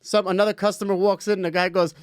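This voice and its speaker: A man's voice: high-pitched, flat delivery, quick pace, clear, resonant tone, no echo, studio quality. A man guesting on a comedy podcast, telling profane stories in casual chat. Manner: profane, storytelling, laughs often. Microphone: podcast studio mic.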